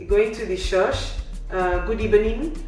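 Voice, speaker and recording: A woman imitating a hesitant Spanish-speaking immigrant, with a Spanish accent and halting, filler-heavy speech. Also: mid-range voice, a little mellow, very echoey, far from the mic, faint music behind, close to an everyday voice, poor audio.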